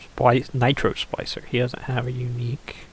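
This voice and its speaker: A man's voice: medium pitch, completely flat delivery, normal speed, slight background noise. A man giving casual, rambling commentary over a game he is playing, swearing offhandedly and using lots of fillers. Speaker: gameplay commentator.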